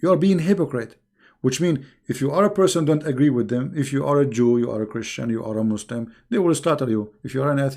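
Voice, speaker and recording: Fast-talking and dark in tone, this mid-range male voice belongs to an online show host fielding viewer questions on a live Q&A stream. His delivery is emphatic and scolding, with frequent restarts where he repeats words.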